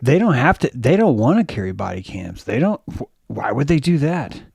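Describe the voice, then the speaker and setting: A man co-hosting a casual group chat show, animated and swearing freely, acting out quotes from the stories he tells. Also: mid-range voice, normal speed, vocal fry, slightly rough, no room sound, clean studio sound. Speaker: show co-host.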